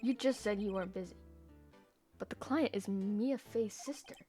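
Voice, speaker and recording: A woman's voice: medium pitch, normal speed, dark tone, faint music behind. A woman playing through a game, reading the hero's lines and commenting playfully. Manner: playful, voices all the parts. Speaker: game streamer. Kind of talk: voice-acting a game playthrough.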